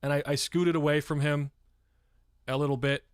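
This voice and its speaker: A man's voice: on the high side, flat delivery, normal speed, smooth, dry recording, clean studio sound. A man from San Francisco telling a story on a live stream, rambling and swearing freely and breaking off to answer chat. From San Francisco, USA. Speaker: livestreamer.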